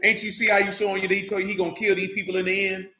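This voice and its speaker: High, bright-voiced preacher, man. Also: flat delivery, very fast, roomy sound, soft background music. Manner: loose, conversational, street-slang asides to the congregation. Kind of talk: informal sermon with Bible reading.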